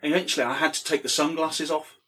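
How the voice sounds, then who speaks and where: A man's voice: on the high side, fairly even intonation, fast, bright, forceful tone, slight background noise. A middle-aged man telling a rambling anecdote, casually swearing and full of fillers. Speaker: storyteller.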